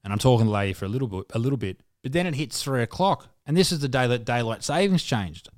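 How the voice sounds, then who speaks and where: A man's voice: mid-range voice, expressive, quick pace, darkish tone, dry recording, studio quality. Swearing Australian man telling a story. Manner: swearing, storytelling, laughs often. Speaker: podcast co-host. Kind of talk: crude casual banter.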